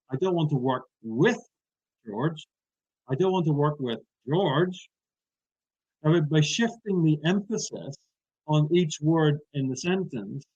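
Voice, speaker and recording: A speaking coach gives interview feedback, driving his points home with emphatic examples. His voice is fairly high and somewhat dark, and the recording sounds dull and lo-fi.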